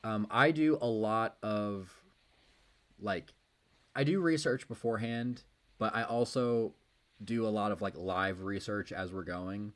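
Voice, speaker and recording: Dry-humored low-voiced male co-host. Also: a little slow. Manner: dry, wry, loosely rambling. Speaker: podcast co-host. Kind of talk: casual sports chat.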